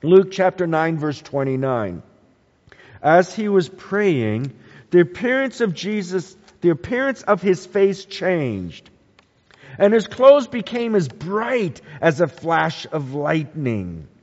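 A man preaching a sermon, animated, asking the congregation questions. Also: sits high, takes it slowly. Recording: echoey hall, dull lo-fi sound.

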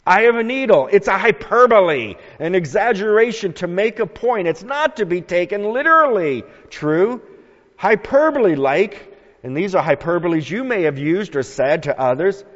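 High-voiced man preaching in an echoing hall. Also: sing-song, normal speed. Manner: dramatic, rises to anguished shouts then drops to hushed tones. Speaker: pastor. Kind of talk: sermon. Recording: muffled sound with long hall reverb.

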